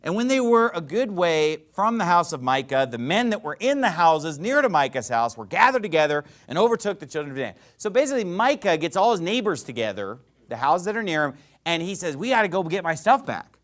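A man preaching a sermon who reads scripture and explains it in a casual, animated, sarcastic way. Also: on the high side, fairly quick, few pauses.

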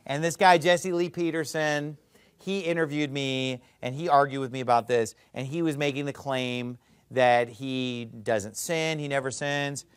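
A man preaching a sermon as pastor, emphatic and swinging between loud and hushed. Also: steady tone, unhurried, smooth, dry recording, studio quality. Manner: emphatic, swings between loud and low, mimics others mockingly.

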